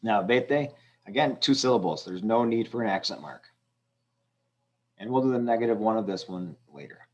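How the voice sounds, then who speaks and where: A man's voice: on the low side, expressive, moderate pace. A male teacher patiently walking students through a language exercise step by step, with frequent ums. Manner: patient, explaining step by step with fillers. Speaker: Spanish teacher. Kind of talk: screen-recorded lesson walkthrough.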